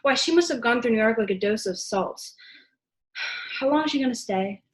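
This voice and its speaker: A woman's voice: fairly high pitch, lively intonation, moderate pace, close to an everyday voice. A young woman playing a wry, patient secretary in a school play over a video call, with dry delivery. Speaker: student actor.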